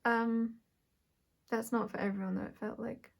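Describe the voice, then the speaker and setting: A woman doing a pick-a-pile tarot reading, speaking in a searching way, often correcting herself and thinking aloud with soft laughs. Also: fairly high pitch, little pitch movement, normal speed, vocal fry. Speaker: tarot reader. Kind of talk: intuitive tarot reading to camera.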